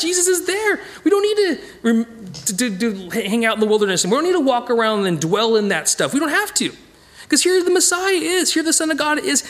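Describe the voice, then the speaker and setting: A man teaching a casual Bible study, animated and digressive, chuckling as he goes. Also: very high-pitched.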